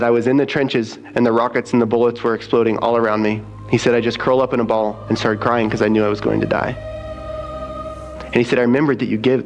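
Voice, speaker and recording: A man's voice: mid-range voice, vocal fry, rough recording. A man giving a spoken testimony as a missionary, telling his story and quoting others as he goes.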